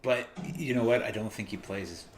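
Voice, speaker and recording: A man with a lowish voice commentates casually on his own video game play at a moderate pace, chatting, laughing often, and explaining the game mechanics. The room sounds echoey, with noise in the background.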